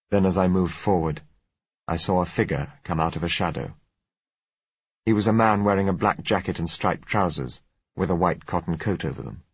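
Deep husky male audiobook narrator. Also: no echo. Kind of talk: first-person novel narration. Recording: dull, dry lo-fi recording.

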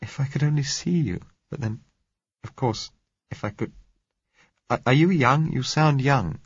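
A man's voice: medium pitch, unhurried, slightly rough, no room sound, pitched above the performer's own voice. A man voicing an earnest, faltering eighteen-year-old blind young woman in a story reading. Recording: dull lo-fi recording.

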